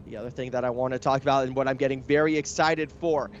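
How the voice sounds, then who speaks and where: A man's voice: medium pitch, steady tone, fast, dull audio, slight background noise. A young man giving live commentary on an esports match, chatty and analytical, speeding up when the action heats up. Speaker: esports caster.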